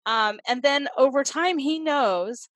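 A woman's voice: high voice, takes it slowly, fairly bright tone, no echo, rough recording. A middle-aged woman, a clinician and parenting expert, talks earnestly in a podcast interview and acts out examples as she explains.

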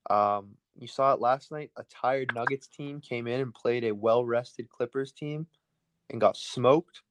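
A man co-hosting a casual sports podcast, running quickly through his betting picks. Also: medium pitch, no echo. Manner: rapid-fire, rattles through picks. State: out of breath.

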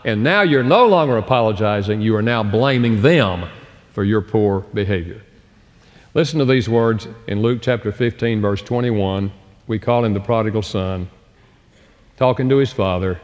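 A man giving a sermon-style talk on relationships, expressive and emphatic, slowing down to stress points. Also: on the low side. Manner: expressive, slows down for emphasis and acts out quoted dialogue. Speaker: speaker on relationships. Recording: long reverb of a large hall.

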